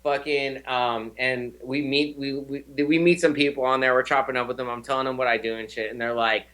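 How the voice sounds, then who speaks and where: A young man hosting a casual chat, telling stories in a slangy, swearing, animated way. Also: on the high side, normal speed, hardly any pauses. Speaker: show host.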